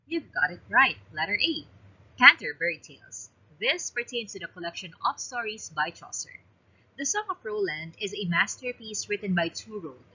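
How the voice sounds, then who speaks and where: A woman's voice: medium pitch, very animated, normal speed, pushed and bright, slightly rough, muffled recording. A woman with a Filipino accent reads exam review questions aloud and explains each answer choice in turn, like a teacher. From Philippines.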